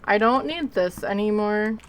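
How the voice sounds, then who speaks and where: A woman talks her viewers through a game in a loose, rambling way, yawning and a little drowsy. Her voice sits at a middle pitch. A faint hiss of noise runs under the recording. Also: measured pace, low-quality recording. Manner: chatty, rambling, sleepy and yawning. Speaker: streamer. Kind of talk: casual live gameplay commentary.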